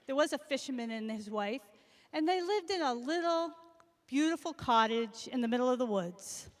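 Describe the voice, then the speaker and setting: High-voiced woman telling a fairy tale. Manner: animated, voices the characters with big pitch jumps. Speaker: storyteller for children. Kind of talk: oral storytelling to children. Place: school hall. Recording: long hall reverb.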